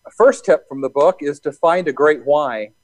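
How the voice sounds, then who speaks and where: A man interviewed as a hypnosis and NLP coach, explaining his work in a calm, easygoing way. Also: a little high, normal speed. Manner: calm, explanatory, laughs easily. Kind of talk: casual interview talk.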